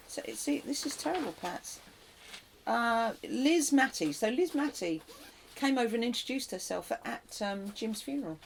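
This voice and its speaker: A woman's voice: medium pitch, creaky, a little hiss or hum, rough recording. A woman co-hosting a local chat show, talking in a chatty, rambling way with asides. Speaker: co-host. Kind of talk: casual chat.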